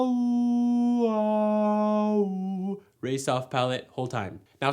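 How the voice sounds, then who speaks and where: A man teaching singing technique in a casual, step-by-step way, now and then singing vowels to show the sound. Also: a little high. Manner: friendly, explains step by step, breaks into sung vowel demos. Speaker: vocal coach. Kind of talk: casual singing lesson with sung demonstrations.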